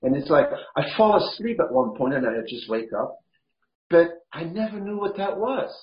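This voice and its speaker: A man shares his experience on a group call, stumbling and filling pauses as he goes. He sounds like he is in an echoey room. The audio is dull and lo-fi. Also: on the high side, big pitch swings. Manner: rambling, halting, many fillers. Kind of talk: casual sharing. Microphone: video call.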